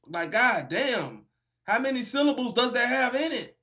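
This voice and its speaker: Man, very high bright voice, casual reaction talk, profane slang, animated. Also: moderate pace. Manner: animated, laughing, profane slang, bursts of shouting. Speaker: reaction video host.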